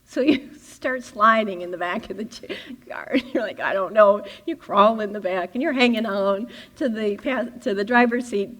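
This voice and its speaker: A woman giving a spiritual teaching talk, animated and laughing often as she acts out little scenes. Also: mid-range voice, moderate pace. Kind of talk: playful teaching talk with acted-out inner dialogue.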